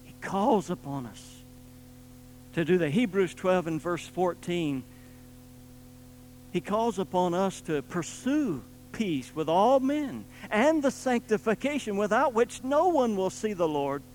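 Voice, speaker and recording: A man preaches a sermon in a high-pitched voice. He presses his points hard, then drops to quiet, low asides. Soft guitar music plays faintly underneath. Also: very animated, measured pace, rough recording. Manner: emphatic, swings between loud emphasis and quiet low asides.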